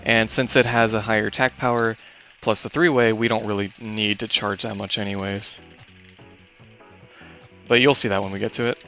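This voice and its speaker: A man's voice: fairly low pitch, level tone, moderate pace, pauses often, sharp tone, soft background music. A man giving casual live commentary on his own speedrun, explaining game mechanics with many fillers and restarts.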